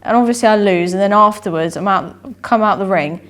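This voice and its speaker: A young woman recounts her fights in an interview, her voice sitting at an ordinary middle pitch. She rambles and circles back, repeating phrases as she goes. She slips into the voices of herself and those around her. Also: fairly quick, fairly bright tone. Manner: rambling, repeats herself, acts out her own inner voice and dialogue. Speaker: amateur boxer, interview guest. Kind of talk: candid interview storytelling.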